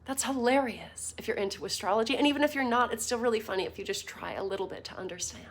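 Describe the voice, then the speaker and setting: A woman's voice: on the high side, fast. A woman giving a casual online class over slides, chatty and playful, with fillers and little laughs. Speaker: course teacher.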